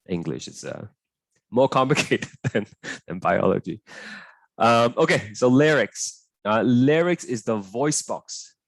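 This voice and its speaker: Lively low-voiced male tutor. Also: no echo. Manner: chatty, hesitant, many fillers and checks. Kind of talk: online biology tutorial.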